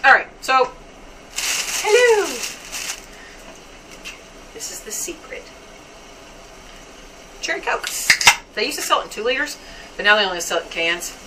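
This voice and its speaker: A woman's voice: a little high, huge pitch swings, unhurried, pauses often, heavy background noise. A woman chatting casually as she cooks, rambling and a little squeamish about raw meat. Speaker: home cook vlogger. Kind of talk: casual cooking chat. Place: home kitchen. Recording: distant mic with kitchen clatter.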